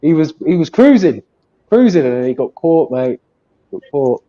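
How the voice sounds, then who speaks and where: A man's voice: a little high, big pitch swings, normal speed, dull audio. A man with an English accent, chatting casually about boxing as a co-host, rambling and friendly. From England. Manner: chatty, rambling, says mate.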